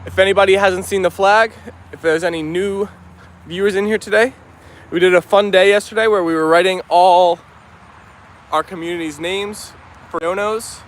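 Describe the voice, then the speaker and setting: A man's voice: high voice, fairly even intonation, normal speed. A man hosting a casual outdoor livestream, chatty and upbeat, greeting viewers by name and reading their messages aloud. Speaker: livestream host. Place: outdoors in a yard with dogs and chickens.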